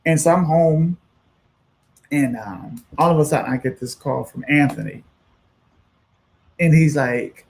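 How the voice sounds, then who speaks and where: A man's voice: fairly high pitch, a little slow, creaky, pauses often. A man guest on a radio show, telling a long story with lots of "you know" and acted-out quotes. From United States. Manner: animated, acts out quoted voices, many fillers. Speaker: musician guest.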